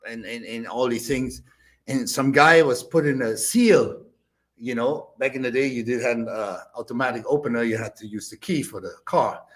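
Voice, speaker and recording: An older man with a German accent, a bodybuilder guest telling animated stories, acting out quotes with loud bursts and laughter. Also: mid-range voice, moderate pace. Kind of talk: animated storytelling.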